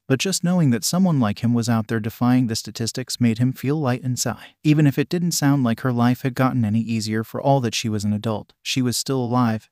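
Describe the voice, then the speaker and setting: A man reading a fan fiction story aloud in an even, plain storytelling voice. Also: mid-range voice, dry recording, studio quality. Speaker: narrator.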